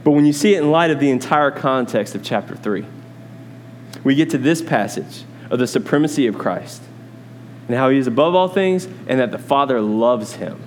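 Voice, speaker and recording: A man's voice: mid-range voice, expressive, moderate pace, slight background noise. Man preaching a casual Bible sermon. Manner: teaching Bible study, conversational asides to congregation. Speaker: pastor.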